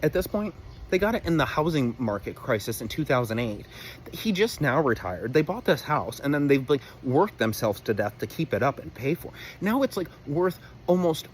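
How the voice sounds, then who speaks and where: Animated, rambling young man telling a story. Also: mid-range voice, slight background noise. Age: young adult. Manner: rambling, animated, exaggerated, frequent asides. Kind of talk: casual comedic storytelling to camera.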